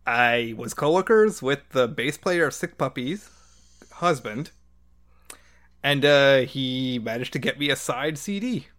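Guy on a podcast with a bright sharp voice, jokey and rambling, mid-range pitch. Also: lively intonation, measured pace. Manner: laughs often, rambling and jokey. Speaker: podcast guest. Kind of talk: casual chat.

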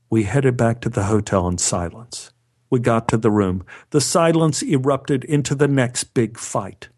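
A man's voice: mid-range voice, a little slow, a little mellow. A man narrating a personal story with a wry, dry humor. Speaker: storyteller, actor.

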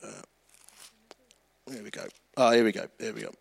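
Speaking at a measured pace in a low, creaky, very animated voice, a middle-aged pastor tells stories in his sermon. He's chatty and self-mocking, and he performs the voices of the characters he describes.

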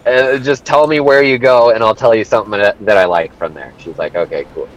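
A man in early adulthood who co-hosts a podcast. He tells a long, crude anecdote with plenty of swearing, in an easygoing chatty voice at a medium pitch. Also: a little fast, low-quality recording. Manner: profane, storytelling, chatty. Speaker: podcast co-host. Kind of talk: casual crude podcast banter.

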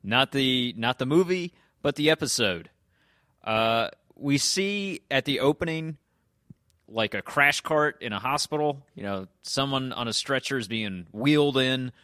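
A man's voice: mid-range voice, lively intonation, a little slow, sharp tone, no room sound, clean studio sound. A man hosting a podcast, casually and ramblingly recapping a TV episode with a co-host. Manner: loose, rambling recap, often slips into quoting characters. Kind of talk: casual chat.

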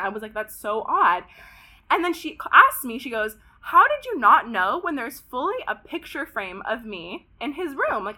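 A woman of about twenty from Pasadena, California, telling a story as a podcast guest in an animated way, saying "like" constantly and swearing often. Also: high-pitched. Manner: animated, heavy use of "like", frequent swearing. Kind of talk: casual storytelling interview.

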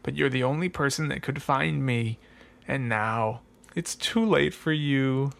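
A man's voice: mid-range voice, a little slow, creaky. A man putting on a gritty New York accent to voice an old male god who is a villainous serial killer. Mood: menacing. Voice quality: gritty, menacing.

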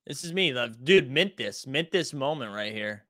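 A man's voice: mid-range voice, lively intonation, moderate pace, bright, forceful tone. A young man hosting a livestream, talking to his chat casually and sounding frustrated and restless. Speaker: livestream host.

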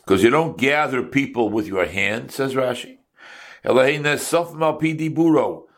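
A man's voice: medium pitch, moderate pace. A man teaching a Torah class to his congregation, asking rhetorical questions and mixing in Hebrew and Yiddish terms.

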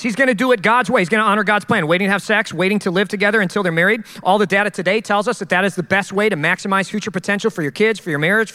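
A male pastor preaching a sermon in an animated, conversational way, with jokes along the way. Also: high-pitched. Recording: long hall reverb.

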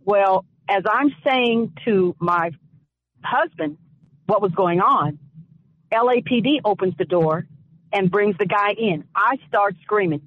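A woman on a radio talk show giving impassioned commentary and telling a personal story, speaking emphatically and deliberately, with repeated phrases. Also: mid-range voice, lively intonation, no room sound. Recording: dull lo-fi radio audio.

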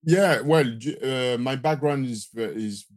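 Speaking a little slowly in a medium-pitched voice with no room sound, a Marseille-accented Frenchman in his forties appears as a guest in a casual interview. He designs lighting systems and talks hesitantly, full of fillers and false starts.

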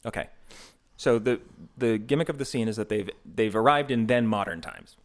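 A man's voice: fairly low pitch, moderate pace. A man co-hosting a podcast in casual chat, joking and laughing often. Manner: joking, lively, laughs loudly. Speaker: podcast co-host.

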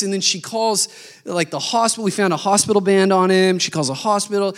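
A man preaching a sermon, telling a lively story and acting out the people in it. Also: high-pitched, brisk. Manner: animated storytelling, acting out quoted voices. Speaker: pastor.

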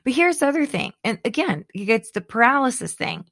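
A middle-aged woman in casual chat, animated and dramatic, laughing often. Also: fairly high pitch, brisk, vocal fry, no echo, studio quality.

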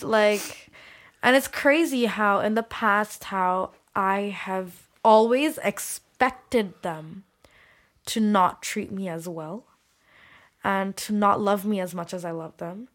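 A young woman talks openly as a guest on a podcast. Her voice sits at an ordinary middle pitch, and her delivery is frank and emotional. She swears freely and leans on "like" as she works through her thoughts. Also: slow pace, fairly bright tone. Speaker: musician guest. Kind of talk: candid podcast conversation.

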